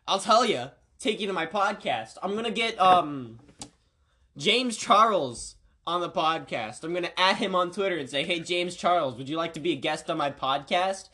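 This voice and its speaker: A man's voice: sits high, lively intonation, moderate pace, pushed and bright. A man hosting a casual podcast, rambling and joking around with plenty of goofy asides. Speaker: podcast host.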